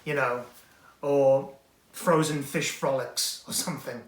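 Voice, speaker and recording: A man's voice: medium pitch, steady tone, slow pace. A man hosting a weekly magic product review in a rambling, digressive, self-deprecating manner. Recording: echoey room.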